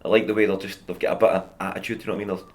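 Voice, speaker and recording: A man's voice: sits low, flat delivery, very fast. A Scottish man in his thirties, a comedian guest chatting casually and telling stories with a lot of laughter. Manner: chatty storyteller, laughs often. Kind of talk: casual chat.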